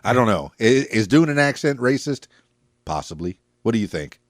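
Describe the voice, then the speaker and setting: A man's voice: medium pitch, sing-song, moderate pace, dry recording, studio quality. An American man hosting a podcast interview, chatting casually, joking and laughing often, with frequent repeated words. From United States. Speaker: podcast host.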